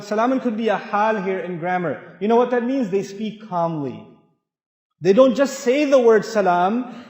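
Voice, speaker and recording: Man, sermon, animated storytelling, loud-to-hushed swings, long hall reverb. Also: high-pitched. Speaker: Islamic speaker.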